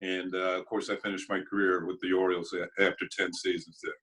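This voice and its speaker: An older man, a former ballplayer, telling relaxed anecdotes with chuckles in an interview. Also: deep voice, quick pace, poor audio. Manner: chuckling anecdotes, acts out quoted voices. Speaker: former ballplayer and broadcaster, guest. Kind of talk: casual storytelling interview.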